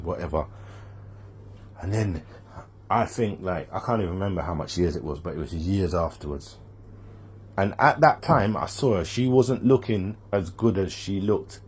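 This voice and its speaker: A man tells a personal story in a loose, rambling way. He goes back over the same points and acts out what people said to him. His voice sits low and has a husky grain. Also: darkish tone. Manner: rambling, repeats himself, quotes others.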